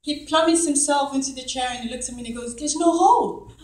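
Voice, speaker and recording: A middle-aged woman telling a church congregation a testimony, animated and acting out the lines of the people in her story. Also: sits high, fast talker. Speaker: church member giving testimony. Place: church hall. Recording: echoey hall, from far off.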